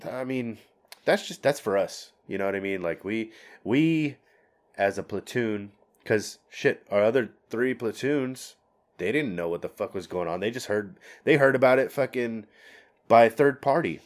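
A man's voice: on the low side, expressive, a little slow. A man telling war stories in a casual podcast chat, rambling, swearing a lot and getting fired up. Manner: gets fired up. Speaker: military veteran guest.

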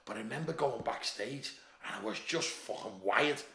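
A man's voice: mid-range voice, moderate pace, fairly bright tone, reverberant. A middle-aged man from Liverpool with a Scouse accent, guest on a podcast, telling stories in casual chat, swearing freely and laughing through them. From Liverpool, England. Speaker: bodybuilder and gym owner, guest.

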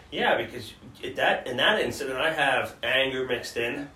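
Expressive and a little slow, this man has a mid-range voice with a bright, forceful tone. As a podcast co-host, he earnestly shares hard memories in conversation, often restarting his sentences, in roomy audio from a distant mic with faint background noise.

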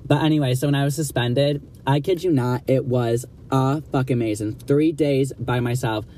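A man's voice: medium pitch, steady tone, moderate pace, warm tone, a little hiss or hum. A young man casually telling a story in a blunt, gossipy, profane way, acting out what others said. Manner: blunt, profane, gossipy, acts out quoted dialogue.

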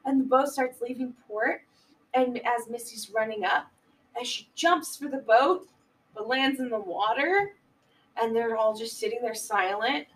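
A woman casually retelling a film plot on a podcast, laughing often and jumping into loud voices for the characters. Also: on the high side, unhurried, distant mic, rough recording. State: giggly, a bit high. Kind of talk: casual chat.

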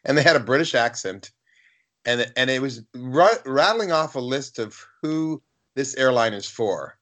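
A man's voice: medium pitch, animated, unhurried, fairly bright tone. A man co-hosting a podcast in casual chat, blunt and profane, telling anecdotes. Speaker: podcast co-host.

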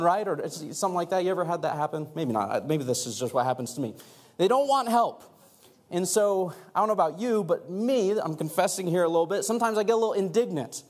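A man preaching a sermon as pastor in a church, earnest, rising and growing louder for emphasis, asking the congregation to join in. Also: sits high, fast. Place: church sanctuary.

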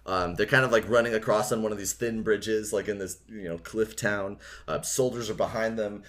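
Low-voiced man doing a rambling casual recap. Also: fairly even intonation, fairly quick, fairly bright tone. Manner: casual, rambling recap full of filler words. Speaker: podcast host recapping a book. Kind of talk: casual podcast chat and book reading.

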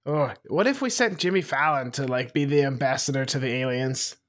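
A man's voice: mid-range voice, fairly quick, fairly bright tone. A man co-hosting a podcast in casual chat, easygoing and giggly, with a few stammers. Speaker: podcast co-host.

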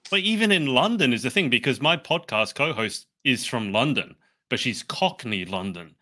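Bright-voiced interviewer. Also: male voice, medium pitch, normal speed. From Australia. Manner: animated, laughs often, repeats words. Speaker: podcast host, interviewer. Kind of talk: casual interview chat.

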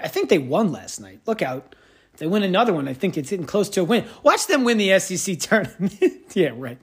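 A man holds forth in a loose podcast monologue. His voice sits fairly high and swings widely as he tells stories in a wry, self-mocking way. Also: lively intonation, fast, husky. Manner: rambling, wry, self-mocking storyteller with big pitch swings. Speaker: podcast host. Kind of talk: casual monologue.

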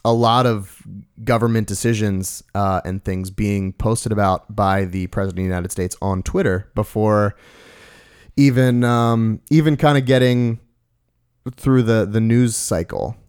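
A man's voice: on the low side, measured pace, darkish tone, clean tone. A man hosting a podcast, chatting casually and easygoing, hesitating with fillers as he asks questions. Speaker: podcast host. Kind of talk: casual interview chat.

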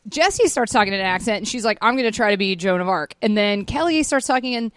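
Animated woman recapping an episode. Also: medium pitch, no echo. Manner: animated, swearing, quick laughs. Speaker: podcast host. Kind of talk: casual chat recapping a TV episode.

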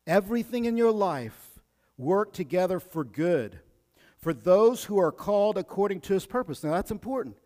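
A man preaching a sermon in a high, ringing voice that carries a long reverb through the sanctuary. He shifts between hushed, measured passages and loud, emphatic bursts, and he repeats phrases to press a point home. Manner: energetic, swings from hushed to loud, repeats himself. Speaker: pastor.

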